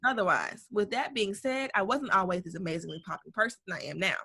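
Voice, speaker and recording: A woman's voice: mid-range voice, expressive, fast talker, pushed and bright, husky. A woman co-hosting a casual podcast, reading a listener's email aloud with slang, swearing and bursts of laughter. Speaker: podcast co-host.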